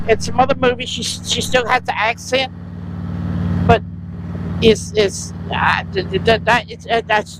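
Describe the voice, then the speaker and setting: A high-voiced man rambles through a casual vlog from his motorcycle, trailing off and restarting as he goes. Passing traffic and roaring wind swamp the recording. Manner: rambling, halting, laughs often. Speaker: vlogger. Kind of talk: casual rambling vlog talk while riding. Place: outdoors riding a motorcycle on a road. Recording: loud wind and traffic noise.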